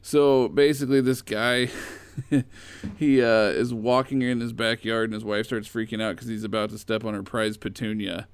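A man casually retelling old comic stories in a rambling, animated way. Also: lowish voice, normal speed, smooth, no room sound. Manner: rambling, animated storytelling with fillers.

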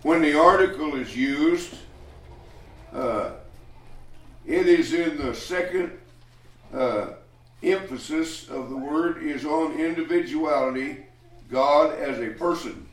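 A man's voice: a little high, takes it slowly, long pauses. A man preaching a sermon in a church hall, working through scripture in a folksy, rambling way. He takes his time, and his voice rings with room echo, heard from some distance away from the mic. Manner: folksy, rambling Bible teaching with restarts and chuckles.

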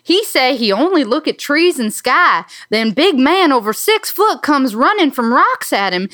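A woman reading aloud as a rough-spoken backwoods woman in a put-on Southern accent, with broken, crude grammar. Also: sits high, sharp tone, no room sound, clean studio sound, voice pushed up, heavily acted. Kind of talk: reading a letter aloud in character.

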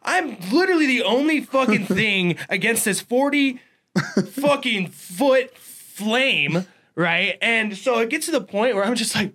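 A man telling a wild story in casual chat, profane and animated, swearing freely. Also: very high-pitched, unhurried. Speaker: podcast guest.

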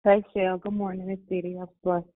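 A woman's voice: on the low side, level tone, fairly quick. A woman calling in, cheerfully greeting the host and repeating her thanks. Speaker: caller. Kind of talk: casual phone greeting. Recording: tinny phone line.

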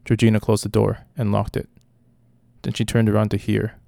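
Man narrating a story, heavy vocal fry, flat steady reading, dry close sound. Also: lowish voice, normal speed, no echo.

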